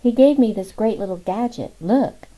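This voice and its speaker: A woman's voice: on the high side, normal speed, warm tone, voice pushed up, close to an everyday voice, rough recording. A woman voicing an upbeat male agent who is pleased with his gadgets.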